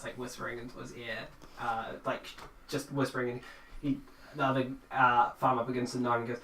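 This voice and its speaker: A young man narrating a tabletop game as game master, in a casual, halting way. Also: medium pitch, flat delivery, fairly bright tone, a little hiss or hum. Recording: echoey room, mic far off.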